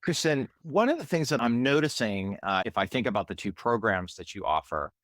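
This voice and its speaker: A man's voice: mid-range voice, big pitch swings, fairly quick, a bit bright, dry recording. A man hosting a podcast, asking a guest long, thoughtful, reflective questions. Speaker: podcast host. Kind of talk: interview questions.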